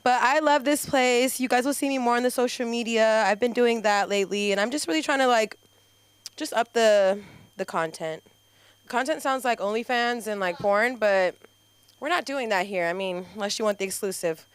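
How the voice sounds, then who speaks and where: A woman's voice: a little high, moderate pace, clear, resonant tone, no room sound. A woman on a comedy club stage making chatty announcements about upcoming shows, with lots of fillers. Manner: chatty, filler-heavy, upbeat promo talk. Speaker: comedy show co-host.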